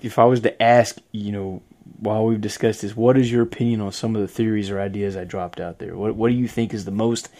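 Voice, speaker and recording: A man's voice: fairly low pitch, fairly even intonation, brisk, mellow. A man hosting a casual podcast chat, rambling, trailing off and laughing often. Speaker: podcast host.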